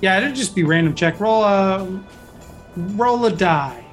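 A man's voice: sits high, expressive, unhurried, soft background music. A man narrating and ruling as game master of a tabletop role-playing game, in an easygoing way.

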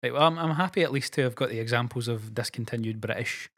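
A man co-hosting a casual podcast chat, talking quickly and hedging with fillers. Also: medium pitch, fairly bright tone. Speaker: podcast co-host.

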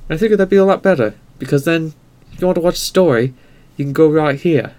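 A man co-hosting a gaming podcast, chatting in a relaxed, self-deprecating way. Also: on the high side, quick pace. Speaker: podcast co-host. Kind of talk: casual chat.

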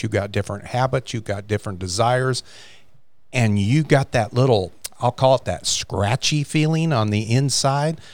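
A man's voice: medium pitch, dry recording. A man co-hosting a faith podcast, earnestly retelling a story from a book in casual chat. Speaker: podcast co-host.

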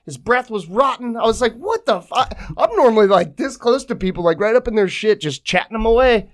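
A man's voice: sits high, a little fast. A man in his thirties with a nasal, whiny voice, co-hosting a podcast and telling crude stories in casual chat. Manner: profane, animated storytelling. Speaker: podcast co-host.

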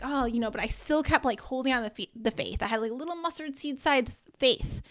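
Young adult woman, career coach and podcast host, casual storytelling turning to upbeat faith talk, a touch high-pitched. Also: fairly quick, hardly any pauses. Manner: animated storytelling with many likes and ums.

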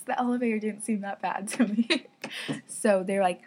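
A woman's voice: mid-range voice, fairly even intonation, moderate pace, a little hiss or hum. A young woman hosting a podcast, telling a story in a chatty way, full of fillers and laughs. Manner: chatty, giggly, lots of "like" fillers. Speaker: podcast host. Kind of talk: casual storytelling.

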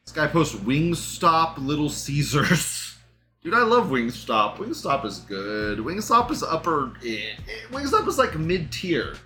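A man's voice: a little high, huge pitch swings, slow, sharp tone, soft background music. A man hosting a live show, talking in a casual, sarcastic and profane commentary style, with frequent laughs.

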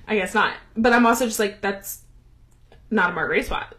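A woman co-hosting a podcast in casual chat, telling a story with lively asides and frequent laughter. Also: fairly high pitch, normal speed. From US South. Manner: animated storytelling, laughs often. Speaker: podcast co-host.

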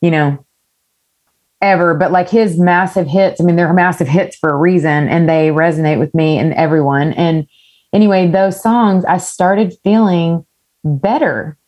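A woman's voice: lowish voice, steady tone, measured pace, a little mellow. A woman singer-songwriter telling a story in a casual interview, candid and rambling, with the odd curse word. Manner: candid, rambling storyteller who swears freely.

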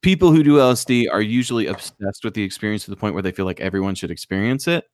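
A man co-hosting a casual podcast, telling wild stories with swearing and lively emphasis. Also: on the low side, fast, no room sound. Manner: profane, animated storyteller. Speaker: podcast co-host. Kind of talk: casual chat, storytelling.

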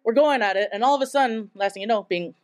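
Her voice runs high and fast as this young Taiwanese woman shares a story onstage to a live audience. The telling is casual and talkative, stuffed with "like" and frequent laughter.

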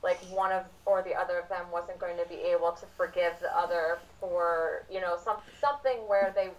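A woman's voice: on the low side, fairly even intonation, a little fast, distant mic, dull audio. A woman co-hosting a casual book discussion, thoughtful and rambling, with lots of "like"s. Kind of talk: casual chat. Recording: voice a bit off-mic.

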